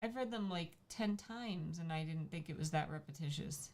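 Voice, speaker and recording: A woman's voice: low voice, moderate pace, a little mellow. A woman co-hosting a livestream, chatting casually in a teasing, playful way and jumping between topics. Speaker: livestream co-host. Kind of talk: casual chat.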